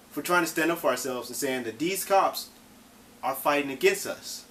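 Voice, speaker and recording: A man's voice: mid-range voice, very animated, brisk, fairly bright tone, a little hiss or hum, poor audio. A man presenting a vlog, commenting in an indignant, impassioned way and swearing now and then. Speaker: vlogger.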